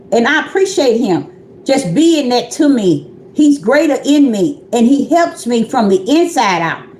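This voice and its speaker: Preaching on an informal livestream, this woman calls herself a prophetess and speaks in a chatty, repetitive style aimed straight at her audience. Her voice is high with a darkish tone, and the roomy recording carries a little hiss or hum.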